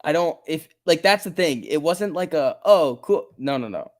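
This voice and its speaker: A man's voice: a little high, animated, moderate pace. A man hosting a casual stock market livestream, chatting and laughing often as he reads chat and tells stories. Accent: New Jersey.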